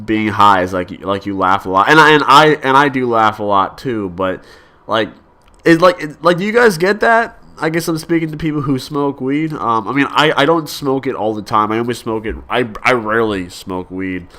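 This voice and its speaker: A man's voice: medium pitch, lively intonation, normal speed, pushed and bright. A young man vlogging in a casual, rambling monologue, full of fillers and restarts, coughing now and then.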